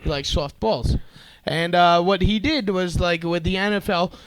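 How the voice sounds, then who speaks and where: Young man, high voice, smooth and clear, dry close sound, jokey rambling talk. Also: moderate pace, no room sound, low-quality recording. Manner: joking, laughs often, rambling. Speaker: co-host. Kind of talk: casual podcast chat.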